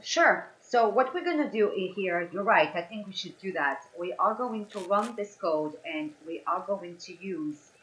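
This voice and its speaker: A woman's voice: medium pitch, lively intonation, measured pace, hardly any pauses, a bit bright, low-quality recording. A young woman from France with a French accent, chatting casually on a live stream as she works through a coding puzzle. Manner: apologetic, chatty, talks through each step.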